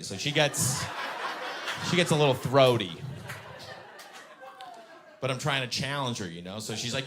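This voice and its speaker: A man in his thirties doing stand-up about his kids, telling it deadpan and jumping into high shrill voices for them. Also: moderate pace, pauses often. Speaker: stand-up comedian. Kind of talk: stand-up comedy. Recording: live club show with faint crowd noise.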